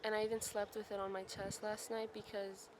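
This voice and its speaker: Soft-spoken young woman, rambling forest vlog. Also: mid-range voice, little pitch movement, fairly quick, noisy background. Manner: soft, reflective, rambling with many ums and self-corrections. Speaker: vlogger. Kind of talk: casual vlog chat. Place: outdoors in a forest.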